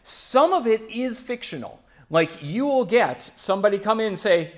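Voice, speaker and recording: A young man giving a casual, chatty church talk, with quick asides and frequent fillers. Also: sits high, sing-song. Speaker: church speaker.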